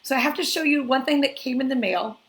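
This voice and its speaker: Host, female, gushing and emotional, slightly high, gravelly edge. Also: fast, poor audio. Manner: effusive, emotional, reads a letter aloud. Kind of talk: live online interview.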